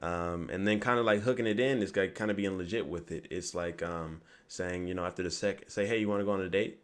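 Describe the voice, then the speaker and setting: Fast-talking deep-voiced young man. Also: fairly even intonation. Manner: rambling, repeats "you get me", acts out quoted lines. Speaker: vlogger giving dating advice. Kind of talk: casual advice monologue to camera.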